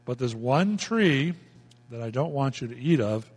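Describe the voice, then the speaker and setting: Emphatic folksy preacher in a reverberant hall. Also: male voice, medium pitch, lively intonation, unhurried. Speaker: pastor. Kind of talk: sermon.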